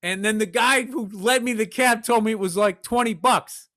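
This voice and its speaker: A man's voice: high voice, moderate pace, sharp tone. A middle-aged man, telling a rambling, profane, self-mocking story on a podcast. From Massachusetts. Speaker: podcast host. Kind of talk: storytelling chat.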